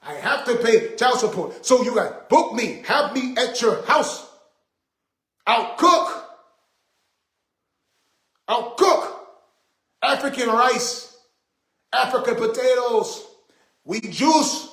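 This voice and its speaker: Man, very high voice, casual livestream host, indignant and repetitive, roomy echo on a phone mic. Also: a little slow, a bit bright.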